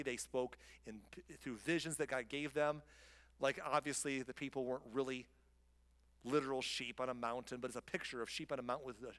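Casual preacher, long hall reverb. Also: male voice, medium pitch, fairly bright tone. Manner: casual, conversational storytelling. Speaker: pastor. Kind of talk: sermon.

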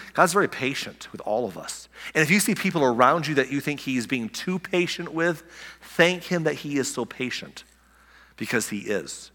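A man preaching a sermon in a conversational way, restarting phrases and dropping softly on key words. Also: medium pitch, big-room sound. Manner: conversational preaching with restarts and soft dramatic drops. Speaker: pastor.

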